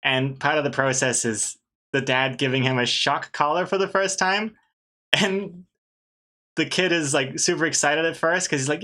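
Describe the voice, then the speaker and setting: A man's voice: fairly high pitch, normal speed, bright, forceful tone. A man casually chatting on a live art stream while he draws, rambling, trailing off and laughing often. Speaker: artist streaming while drawing.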